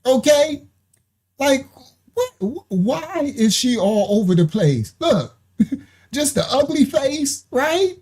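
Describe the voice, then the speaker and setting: A high, sing-song, somewhat mellow female voice moves at a slow pace. The speaker hosts a reaction livestream at her computer, screen shared, chatting and poking fun, laughing often and using plenty of slang.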